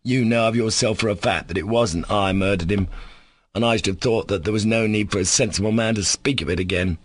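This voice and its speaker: A man voicing a sickly, insolent male servant who speaks slowly and sarcastically with controlled defiance. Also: on the low side, no room sound, close to an everyday voice. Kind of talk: audiobook character reading.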